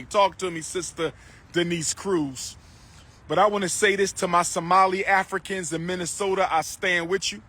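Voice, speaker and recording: A man shouts into his phone on an outdoor livestream, repeating his phrases in a loud, declaiming way. His voice is bright and a bit high. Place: outdoors on a street.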